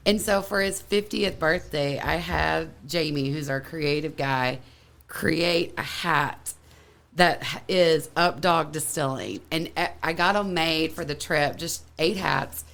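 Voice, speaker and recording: A woman's voice: sits low, slow pace, vocal fry, a bit bright. A woman with a Kentucky accent, a distillery co-founder telling stories in a blunt, teasing way and laughing often. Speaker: distillery co-founder, podcast guest. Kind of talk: casual storytelling chat.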